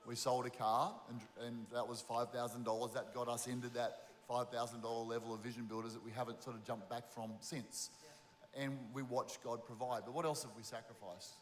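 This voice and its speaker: A man's voice: medium pitch, flat delivery, a little fast. A man with an Australian accent, a pastor speaking earnestly in a conversational interview and often restarting his sentences. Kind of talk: interview about giving. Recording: long reverb of a large hall.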